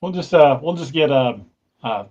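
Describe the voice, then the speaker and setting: A man from the American Midwest in easygoing podcast chat, quick with comebacks. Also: on the high side, lively intonation, a little mellow. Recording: dull, slightly lo-fi audio.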